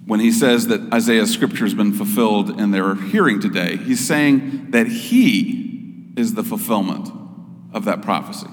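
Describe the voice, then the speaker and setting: A man giving a sermon as pastor, in a measured, explanatory way. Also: fairly low pitch, big-room sound.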